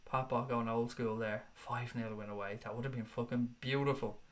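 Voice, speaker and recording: A man's voice: mid-range voice, fairly even intonation, moderate pace. A man hosting a football fan livestream, chatting casually and swearing freely as he answers viewers. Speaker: football fan channel host. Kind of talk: livestream chat, reading viewer comments.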